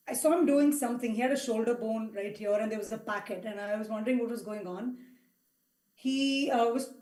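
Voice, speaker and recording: A middle-aged woman giving a heartfelt devotional testimony, telling personal stories with many pauses and fillers. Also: on the high side, darkish tone. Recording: echoey hall sound.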